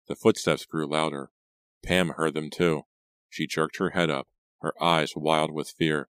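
A man narrating a teen thriller audiobook in a steady, suspenseful storytelling manner. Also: a bass voice, a little slow, smooth, no echo, studio quality. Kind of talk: scripted narration.

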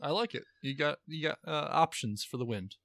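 A man hosting a casual podcast, teasing his co-host with quick interjections. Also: fairly high pitch, vocal fry, a bit bright, no echo, studio quality. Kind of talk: casual chat.

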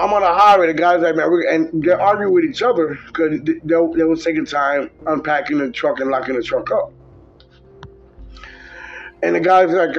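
Man, casual podcast storyteller, profane, animated, slightly high voice, dull lo-fi sound. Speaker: podcast host telling driving stories.

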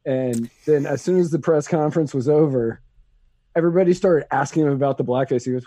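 A man's voice: fairly high pitch, a little fast, warm tone, no room sound. A man in casual political chat, telling a story in a laid-back way with many fillers.

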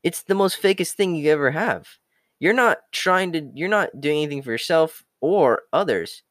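A young podcast host rants bluntly in a profane motivational monologue, swearing constantly and mocking others with whiny voices. His voice is fairly high and a bit bright, with lively intonation and a moderate pace, recorded at studio quality with no room sound.

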